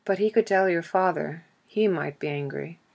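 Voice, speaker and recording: An anxious young exile voices his fears in hesitant, low-pitched questions in an audiobook scene, with a woman reader doing him. He sounds tender and uneasy. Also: brisk, darkish tone. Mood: worried.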